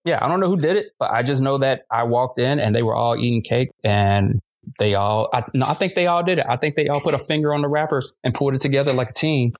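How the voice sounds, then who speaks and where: A man's voice: medium pitch, fast talker. A male comedian telling a long comic story in a loose, slangy and profane way. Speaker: guest comedian. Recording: dull lo-fi sound.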